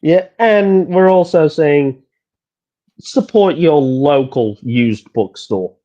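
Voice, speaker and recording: A man's voice: a little high, slow, warm tone, muffled recording. A man co-hosting a casual book-talk podcast, talking animatedly with stumbling restarts. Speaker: podcast co-host. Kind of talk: casual chat.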